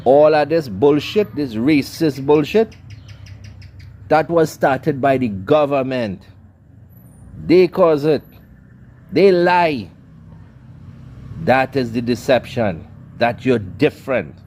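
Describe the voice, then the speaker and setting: A man delivers a scolding monologue in a preacherly cadence, his pitch swinging widely between emphatic highs and low, weighty drops. His voice sits at an ordinary middle register. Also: sing-song, takes it slowly, long pauses, a little mellow, slight background noise. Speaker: commentator. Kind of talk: ranting commentary monologue.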